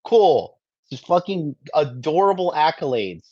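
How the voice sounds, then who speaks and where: A man's voice: mid-range voice, animated, moderate pace, no room sound, dull audio. A man giving crude, mocking commentary on video clips in a swaggering, profane way. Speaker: streamer reacting to clips.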